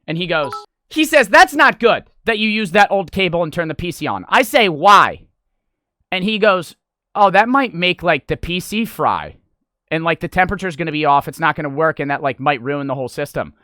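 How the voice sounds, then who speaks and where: Brief: young male streamer, bright forceful voice, dry close sound, swearing and excitable storytelling. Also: on the high side, normal speed, no echo. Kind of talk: animated storytelling vlog.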